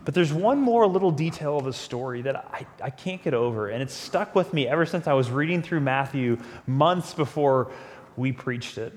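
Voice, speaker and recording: A male pastor delivers a sermon, retelling the story with lively energy and acting out the dialogue. His voice sits in an ordinary middle register. A long church-hall reverb trails each phrase. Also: mid-range voice, moderate pace. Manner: animated storytelling, acts out quotes.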